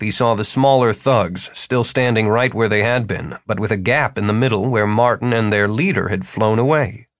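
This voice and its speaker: A man reading fantasy fiction aloud as an audiobook narrator, telling it in a steady, lively way. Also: on the low side, dry recording, clean studio sound.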